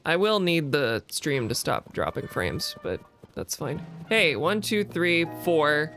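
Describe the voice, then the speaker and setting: Bright-voiced male streamer musing aloud. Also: on the high side, sing-song. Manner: musing aloud, self-mocking, quick laughs. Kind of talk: casual let's-play commentary. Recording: faint game music behind.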